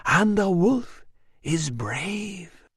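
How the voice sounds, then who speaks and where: A man's voice: sits high, expressive, drawn-out words, a bit bright, breathy edge, no room sound, studio quality, pitched above the performer's own voice, full character voice. A man reading an audiobook, voicing a rousing older storyteller who rallies a crowd with rising calls.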